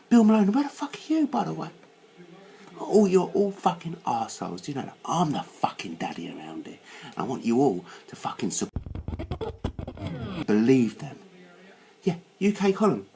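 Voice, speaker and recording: A man delivering a furious, swearing rant as host of his own channel, dropping to low growls and then bursting out high. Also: darkish tone. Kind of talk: angry rant to camera.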